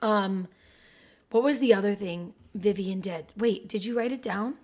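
A woman in her thirties co-hosting a podcast, telling family stories with animated energy. She swears casually. Her voice sits at a medium pitch. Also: a little slow. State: mother of four. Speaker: podcast co-host. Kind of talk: casual chat.

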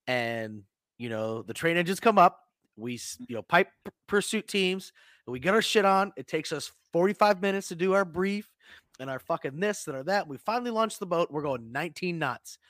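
A man hosting a podcast, telling a swearing, animated story in casual chat. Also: on the high side, no echo, clean studio sound. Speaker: podcast host.

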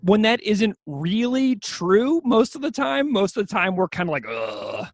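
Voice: medium pitch, expressive, moderate pace, no echo, clean studio sound. A host in a casual conversation, chatty and leaning on "like" a lot.

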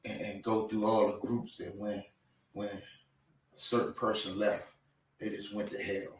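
A man's voice: fairly low pitch, little pitch movement, a little slow. A man co-hosting a casual podcast, bantering emphatically in slang. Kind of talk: casual chat. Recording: echoey, off-mic, faint room noise.

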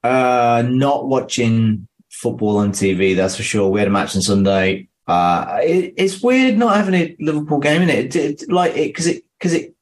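A man in his forties on a podcast, animated and restarting his thoughts as he chats and explains sports science. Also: mid-range voice, normal speed. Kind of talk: casual chat and explanation.

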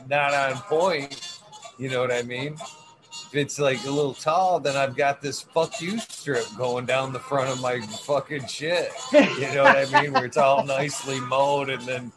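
A man chatting casually, telling a rambling, profane story and acting out what he said. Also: mid-range voice. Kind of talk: casual chat. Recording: music playing behind.

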